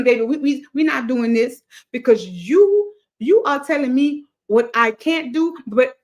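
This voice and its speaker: A woman hosting a motivational livestream, talking to her chat in an emphatic, repetitive cadence like a preacher. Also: high-pitched. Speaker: livestream host.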